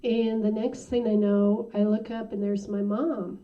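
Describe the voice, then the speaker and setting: A woman giving a personal testimony in an interview, halting and full of "you know" fillers. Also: mid-range voice, level tone. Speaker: interview guest. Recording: muffled sound from a distant mic.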